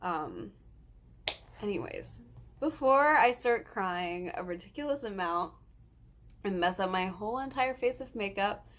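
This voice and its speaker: A woman's voice: medium pitch, expressive, measured pace, fairly bright tone. A nineteen-year-old woman vlogging, earnest and rambling with lots of ums, close to tears as she talks. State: tearful, close to crying. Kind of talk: emotional personal vlog.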